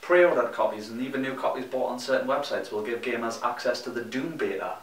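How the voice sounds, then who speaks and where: A young Geordie man from North East England, co-host of a gaming news show, reads scripted comedic news quickly in a medium pitch, slipping dry, teasing asides between items. The recording is roomy and echoey, with the mic set a little way off.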